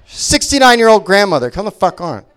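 A man's voice: high voice, sing-song, fairly quick, fairly bright tone. A man doing a stand-up comedy set, ranting sarcastically with lots of swearing. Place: comedy venue.

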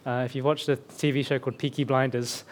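A man's voice: mid-range voice, flat delivery, fast. A man from England with a lightly suppressed Birmingham accent, giving a chatty, self-deprecating sermon as a guest pastor on a headset mic. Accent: Birmingham, mostly suppressed. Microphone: headset mic slipping off.

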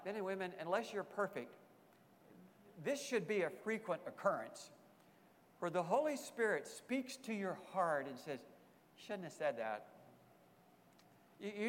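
A man preaching a sermon as a pastor, earnest, repeating emphatic phrases. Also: on the high side. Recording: long hall reverb.

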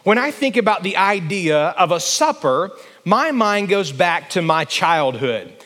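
A man's voice: high voice, sing-song, measured pace, fairly bright tone. A young man from Alabama, preaching a sermon and telling stories while calling for responses from the congregation. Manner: storytelling, calls for congregation response. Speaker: pastor. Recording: long reverb of a church hall.

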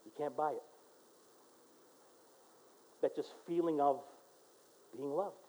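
A male pastor preaching a sermon, dropping to a quiet voice for prayers and rising to loud, emphatic exhortation. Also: a little high, takes it slowly, poor audio.

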